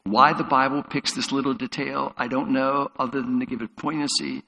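A man's voice: mid-range voice, fairly even intonation, a little fast, creaky, pushed and bright. A man preaching a sermon as a pastor, retelling Bible stories vividly. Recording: long hall reverb.

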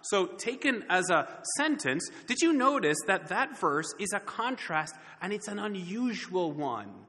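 A man preaching an earnest sermon, slowing down and pausing for emphasis. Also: sits high, very animated, sharp tone, in a large hall. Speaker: pastor.

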